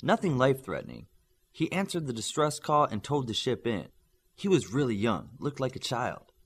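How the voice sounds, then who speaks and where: A man's voice: medium pitch, very animated, normal speed, husky. A man voicing a proud, stern female teacher with a Scottish accent, dry and pointed in how she speaks. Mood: stern teacherly.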